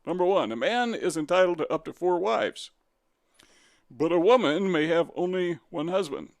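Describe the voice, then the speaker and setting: A man's voice: sits high, animated, moderate pace, no room sound. A man reading from a web page and commenting on it, sarcastic and combative, firing off rhetorical questions.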